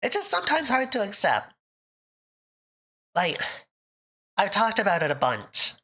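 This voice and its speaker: Bright, lively woman streamer. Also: mid-range voice, measured pace, husky. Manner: emotional, near tears, laughing often. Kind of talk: casual live-stream chat.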